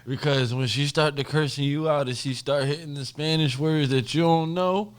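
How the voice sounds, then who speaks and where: A man co-hosting a loose chat while high, slangy, searching for words and trailing off. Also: fairly even intonation, moderate pace, smooth. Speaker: co-host. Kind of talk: casual chat.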